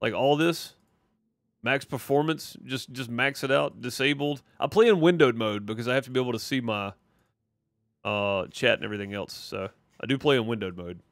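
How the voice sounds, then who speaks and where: A man's voice: medium pitch, moderate pace, dry recording, studio quality. A man with a Mississippi Southern accent, chatting casually as he streams a game and answers chat, rambling with lots of fillers. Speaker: gaming streamer. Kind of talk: casual live gameplay commentary.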